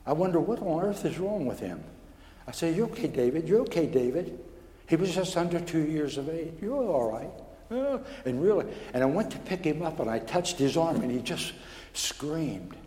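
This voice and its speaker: A man preaching a personal testimony, telling his story in a stammering, animated way that builds in excitement. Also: on the high side, normal speed. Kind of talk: sermon testimony. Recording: echoey hall with long reverb.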